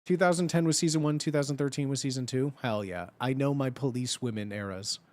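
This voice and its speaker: A man's voice: mid-range voice, brisk, darkish tone, dry recording. A man in his thirties chatting casually on a livestream, blunt and profane, and laughing often.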